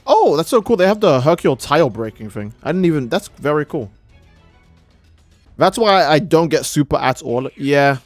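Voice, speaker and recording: A man's voice: on the high side, big pitch swings, moderate pace, no echo, soft background music. A man streaming live, ranting in a heated, profane way and often restarting his sentences. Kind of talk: casual live-stream rant.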